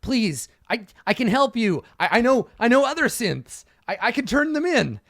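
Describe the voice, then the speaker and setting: A man's voice: extremely high pitch, big pitch swings, normal speed, fairly bright tone, pitched above the performer's own voice, heavily acted. A man voicing a cornered male android who pleads and bargains for his life in a tabletop game. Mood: pleading.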